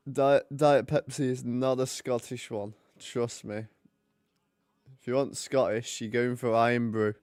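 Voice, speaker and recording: A man's voice: mid-range voice, flat delivery, normal speed, few pauses, darkish tone, clean tone, no room sound. Chatty man, dry close sound. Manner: chatty, joking. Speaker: streamer hosting a hockey watch party. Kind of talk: casual live commentary and chat.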